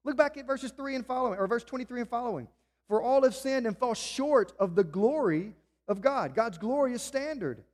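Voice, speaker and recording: A man preaching in a church, his voice pitched high for a man. He builds his points through earnest, emphatic rhetorical questions. The sound carries a long reverb, as from a large sanctuary. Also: lively intonation, moderate pace, darkish tone. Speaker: pastor. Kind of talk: sermon.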